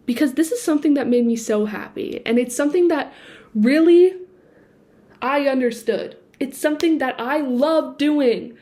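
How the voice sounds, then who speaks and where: Young woman, high voice, animated casual chat, laptop mic at home, sings bits of songs. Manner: animated, swings between quiet musing and bursts of excitement; sings snatches of songs between sentences. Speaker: vlogger. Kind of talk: casual sit-down chat to camera. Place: indoors at home, seated. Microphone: built-in laptop mic.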